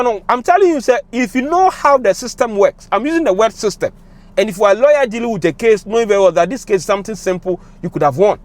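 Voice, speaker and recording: A young Ghanaian man speaking with a Ghanaian accent, giving emotional, impassioned commentary that switches between English and Twi. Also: high-pitched. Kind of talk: passionate commentary to camera.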